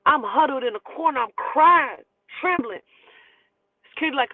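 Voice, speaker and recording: A woman telling a personal story in casual, animated, profane speech and acting out the dialogue. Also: high voice, moderate pace, dry recording. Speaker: storyteller host. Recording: dry, phone-like thin sound.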